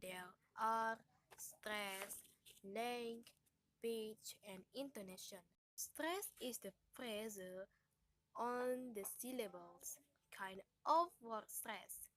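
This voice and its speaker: A woman's voice: a little high, drawn-out words, a bit bright, low-quality recording. A young woman, a student whose first language is Indonesian, reading out a class explanation of speech sounds, carefully repeating each example sound and word. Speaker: student presenting a class assignment. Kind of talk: slow read-aloud explanation.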